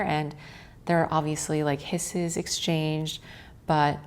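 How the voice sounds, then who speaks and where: Low-voiced woman narrating a calm voice-over. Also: slight background noise. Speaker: vlogger.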